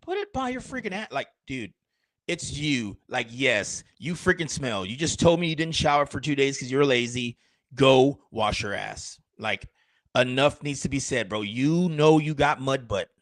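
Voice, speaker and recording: A man's voice: mid-range voice, measured pace, fairly bright tone, dry recording. A man, a streamer and rapper, chatting casually in a rambling, crude, joking way. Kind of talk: casual livestream chat.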